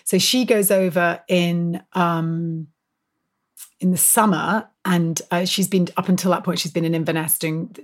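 A woman historian talking as an interview guest, telling stories in an animated, emphatic way full of fillers and quick self-corrections. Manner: animated, emphatic storyteller with frequent rises in pitch and loudness. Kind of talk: conversational interview storytelling.

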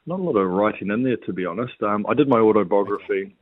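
A New Zealand man and former rugby player, chatting in a relaxed, rambling way as an interview guest. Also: on the low side, fast talker, breathy edge. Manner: relaxed, rambling with fillers and restarts. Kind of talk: casual interview chat. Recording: tinny phone-like line.

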